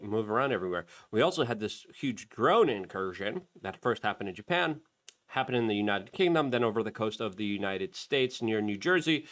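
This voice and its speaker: A man's voice: fairly low pitch, fairly bright tone. A middle-aged man hosting a talk show, commenting on a clip with heated, emphatic bursts. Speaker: show host.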